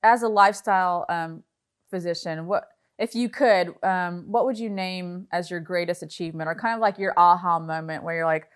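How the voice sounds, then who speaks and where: A woman's voice: lowish voice, moderate pace, smooth. A woman hosting an interview series, asking questions in a chatty, upbeat way with casual fillers. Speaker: interview host. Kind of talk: conversational interview.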